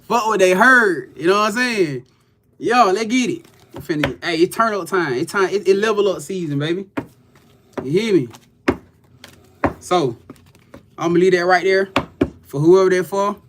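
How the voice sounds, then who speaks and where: A man's voice: high-pitched, moderate pace, long pauses, noisy background. A man giving a loose, profane, hyped-up motivational pep talk to his viewers as a livestream host.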